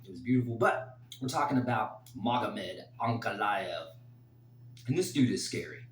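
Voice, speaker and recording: Excitable man in an echoey room. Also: on the low side, moderate pace, slight background noise. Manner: excitable, emotional, rambling with fillers. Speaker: host making fight picks. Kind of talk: casual solo commentary.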